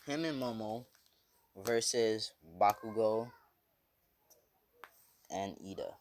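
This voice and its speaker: A man's voice: lowish voice, slow. A man casually retelling a fan story, rambling with many fillers and swearing.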